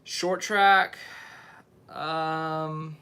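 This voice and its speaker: A man's voice: a little high, fairly even intonation, extremely slow, bright, forceful tone, clear, resonant tone. A young man hosting a casual live stream, rambling and often correcting himself as he answers viewers. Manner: rambling, unsure, self-correcting.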